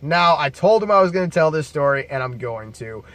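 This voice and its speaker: A man's voice: on the high side, expressive, fairly quick, fairly bright tone, no echo. A man casually telling bar stories to camera as a bouncer, laid-back, profane and jokey.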